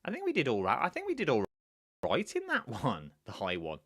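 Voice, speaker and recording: Chatty quiz host, man, animated pitch, teasing, dry close mic. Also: moderate pace, dry recording. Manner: chatty, repeats answers, teasing. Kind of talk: live-stream quiz hosting, casual chat. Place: indoors, seated at home.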